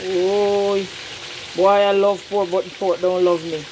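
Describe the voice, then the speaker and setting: Woman, Jamaican accent, home cooking vlog host, chatty, talks straight to viewers, kitchen, soft sizzling in the background. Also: medium pitch, flat delivery, slow, noisy background. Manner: chatty, calls viewers "people", keeps saying "look at that". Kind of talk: casual cooking demonstration.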